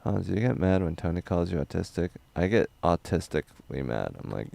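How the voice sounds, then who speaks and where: Low, gravelly man with crisp dry voice. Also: normal speed, dry recording. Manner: loose, rambling, crude, deadpan. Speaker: comedian livestreaming, reading chat. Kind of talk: casual livestream chat.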